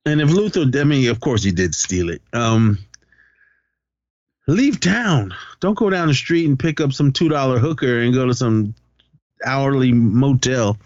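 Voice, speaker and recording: A man's voice: medium pitch, animated, measured pace, a little mellow, no room sound, lo-fi sound. A man co-hosting a podcast, loosely retelling a film's plot and acting out the characters' lines. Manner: loose storytelling, acts out quotes, profane. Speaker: podcast co-host. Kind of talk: casual movie recap.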